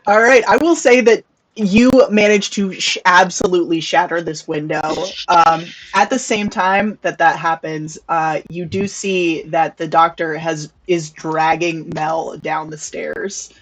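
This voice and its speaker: A woman narrating as game master of a tabletop role-playing game, in a relaxed, casual way. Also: on the low side, unhurried, low-quality recording.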